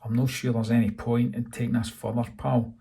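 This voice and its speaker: A man voicing a big male bouncer who makes calm, mocking threats. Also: mid-range voice, fairly quick, gravelly, far from the mic, lightly acted. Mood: menacing.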